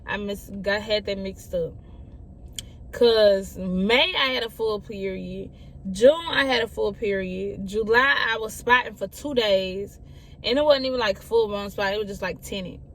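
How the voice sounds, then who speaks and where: A woman's voice: mid-range voice, a little slow, fairly bright tone, slight background noise. A young woman telling a personal story in a casual, chatty way, often repeating herself and talking straight to her listeners. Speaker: storyteller vlogger.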